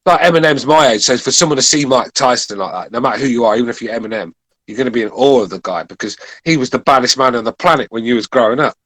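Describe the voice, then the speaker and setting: A man's voice: medium pitch, quick pace, a bit bright, no room sound. A middle-aged British man co-hosting a podcast in casual chat, often swearing and restarting his words. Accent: British English. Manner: stammering restarts, frequent swearing. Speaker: podcast co-host.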